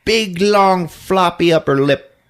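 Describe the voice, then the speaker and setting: A man hosting a podcast, recapping a movie as an animated storyteller who laughs often. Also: high voice, slow. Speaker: podcast host.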